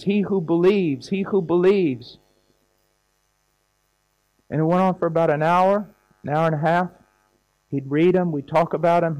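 A man's voice: on the high side, darkish tone, dry recording, low-quality recording. A man preaching a sermon, telling a story with fervent, intense delivery.

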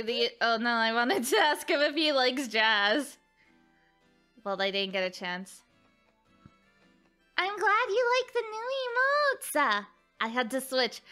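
Giggly woman VTuber, high bright voice, unhurried chat, faint game music behind. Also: clear, resonant tone. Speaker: VTuber streamer. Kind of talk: casual live-stream gaming chat.

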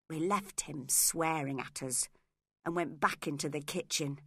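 A woman narrating a classic story in a slow, clear reading for English learners. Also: low voice, no room sound, studio quality. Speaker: narrator of a graded English reader.

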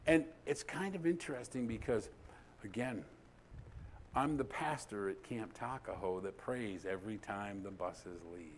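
A middle-aged man, a pastor, preaching a sermon and telling a story, acting out the dialogue with dramatic pauses. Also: lowish voice, a little hiss or hum.

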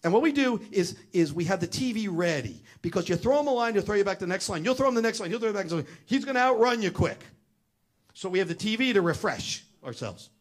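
A middle-aged man telling a family story as a talk, animated and acting out the voices of the people in it. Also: high voice, quick pace.

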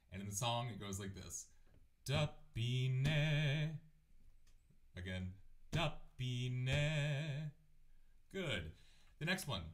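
A man teaching a language lesson, repeating words slowly and clearly. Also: lowish voice, a bit bright. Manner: clear, drawn-out repetition of words; sings numbers in a chant. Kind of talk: slow, patient language lesson.

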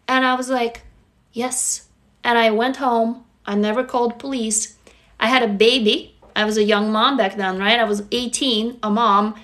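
A woman's voice: a little high, fairly even intonation, normal speed, a bit bright. A woman in her forties from Russia with a Russian accent, chatting candidly on a livestream and reading comments aloud. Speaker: livestream host. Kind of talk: casual livestream chat.

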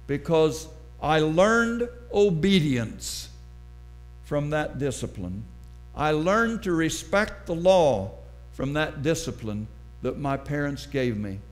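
A middle-aged man preaching a sermon, telling a personal story slowly and dramatically. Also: on the high side. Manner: slow, deliberate, dramatic storytelling.

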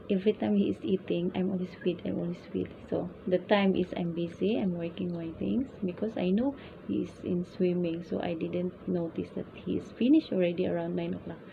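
A woman's voice: lowish voice, fairly even intonation, brisk, creaky. A Filipino woman working as a domestic helper, casually telling a story in chatty Taglish with many fillers, recorded on a phone. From Philippines. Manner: chatty, mixes Tagalog and English, many fillers. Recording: tinny phone-like recording, faint noise.

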